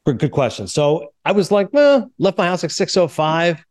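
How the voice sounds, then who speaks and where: A man from Canada hosting a podcast, telling stories in a lively way and acting out what others said. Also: on the high side, moderate pace. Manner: animated storyteller, acts out quotes. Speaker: podcast host. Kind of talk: casual sports and film chat.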